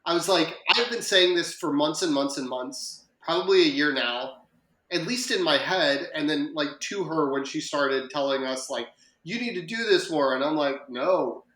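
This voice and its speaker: A man's voice: on the high side, normal speed, sharp tone, echoey room. A man co-hosting a podcast, chatting casually and rambling through a story with fillers and self-corrections. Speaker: podcast co-host. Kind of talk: casual chat.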